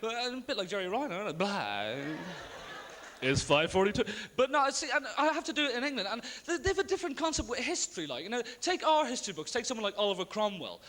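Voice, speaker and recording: A young man from Ireland, doing a stand-up comedy routine live on a theatre stage, tossing in deadpan asides and quick voices of other people. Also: very high-pitched. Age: young adult. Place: large theatre stage with audience. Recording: live theatre recording with long reverb and faint ambience.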